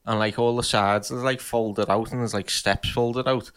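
A man's voice: fairly low pitch, steady tone, moderate pace, a bit bright, clean tone. A man chatting casually with dry, laid-back asides. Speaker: podcast co-host. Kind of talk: casual chat.

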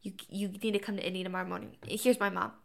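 A young woman on a podcast, chatting casually and telling a birth story with animated acted-out quotes. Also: mid-range voice, rapid-fire, vocal fry. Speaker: podcast co-host.

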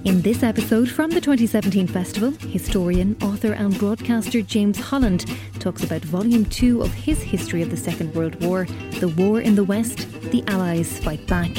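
A woman announcer reads a formal podcast introduction in a measured voice. Plucked guitar music plays clearly under her words. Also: mid-range voice.

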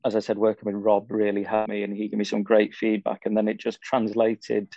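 Gravelly, low-key young Englishman. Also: completely flat delivery, a little fast, dark tone, no echo, muffled recording. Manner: easygoing, rambling, frequent fillers. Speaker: cycling pundit guest. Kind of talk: casual interview chat.

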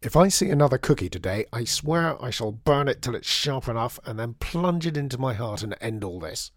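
A man voicing a hot, harassed male cook who rants loudly and dramatically in a storybook reading. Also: medium pitch, lively intonation, a little fast, no room sound, studio quality, close to an everyday voice. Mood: exasperated. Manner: loud exasperated rants.

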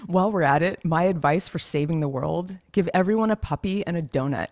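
A chatty woman co-hosting a casual podcast, her voice sitting a little low for a woman. She talks loosely, filling gaps with "like" and "you know," and laughs easily. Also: brisk, a little mellow. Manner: chatty, laughs often, lots of fillers. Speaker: podcast co-host. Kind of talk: casual chat.

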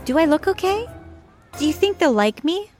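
A woman's voice: very high voice, big pitch swings, normal speed, a little mellow. A woman voicing a sweet young girlfriend with a sinister side, speaking in a lilting, playful way over music. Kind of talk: storytelling. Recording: music behind.

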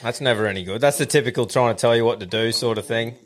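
A man's voice: mid-range voice, fast talker. An Australian man co-hosting a podcast in casual chat. He laughs often and swears freely. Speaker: podcast co-host.

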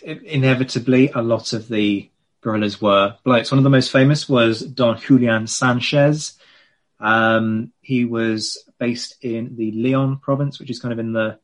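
A man with a mid-pitched voice talks through history in a loose podcast conversation. He explains at length and pokes fun at himself along the way. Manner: chatty, self-mocking, explanatory. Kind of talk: casual history chat.

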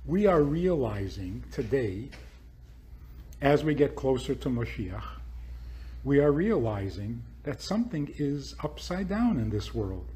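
A man's voice: medium pitch, sing-song, measured pace, warm tone. A man hosting a podcast, giving a spiritual talk full of rhetorical questions. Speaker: podcast host.

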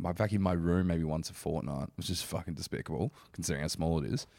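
A man's voice: low-pitched, quick pace, creaky, darkish tone, no room sound. A young man co-hosting a podcast in casual, sweary banter, laughing often and reading out a story. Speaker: podcast co-host.

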